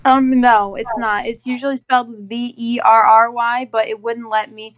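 A woman's voice: on the high side, little pitch movement, normal speed, dry recording. A woman chatting casually in gaming voice chat, chatty and apologetic. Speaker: gamer in voice chat.

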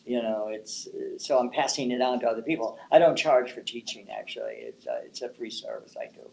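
A man's voice: medium pitch, big pitch swings, brisk, creaky, low-quality recording. An older man, a psychic and palm reader, telling rambling anecdotes in an interview and often restarting his words.

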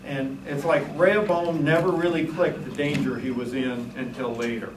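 A man teaching a Sunday school Bible class, animated and full of joking asides. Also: medium pitch, normal speed. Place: church classroom. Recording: echoey room, distant mic, faint hiss.

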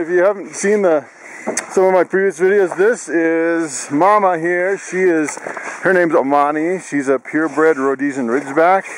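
A man casually walking viewers through his animals in a vlog, chatty and laughing often. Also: slight background noise. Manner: coos in high excited tones at pets. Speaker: vlogger.

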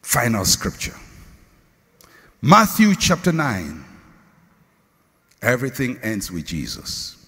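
A male pastor preaching a sermon, swinging from shouted lines to hushed, slow refrains. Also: medium pitch, huge pitch swings, vocal fry, husky. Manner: slow, drawn-out repeated refrains. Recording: long hall reverb.

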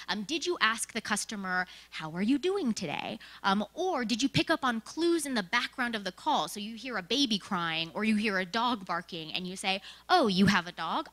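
Bright-voiced, animated young woman storyteller. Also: medium pitch. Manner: animated storytelling with frequent "right?" and "like". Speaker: presenter sharing work experience. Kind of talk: conversational presentation.

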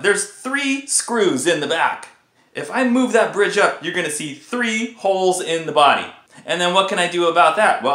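A man hosting a casual guitar vlog, ranting in an animated, exasperated way about a faulty guitar. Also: on the high side, roomy sound. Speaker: guitar video host.

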